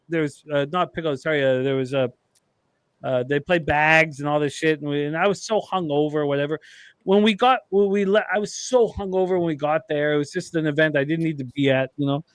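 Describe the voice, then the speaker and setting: A man's voice: on the high side, fairly quick, smooth, dry recording. A man, co-hosting a sports chat and telling a rambling, profane story with laughs. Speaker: podcast co-host.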